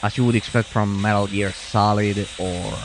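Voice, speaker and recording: A gameplay commentator speaks in a lowish, level voice at a moderate pace, with a noisy background. His let's-play talk is casual, full of restarts and rambling, and he mutters to himself while playing.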